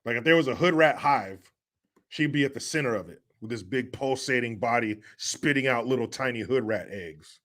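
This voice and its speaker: A man's voice: mid-range voice, normal speed, fairly bright tone. A man hosting a casual livestream, loose and joking as he reads chat messages aloud. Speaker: livestream host.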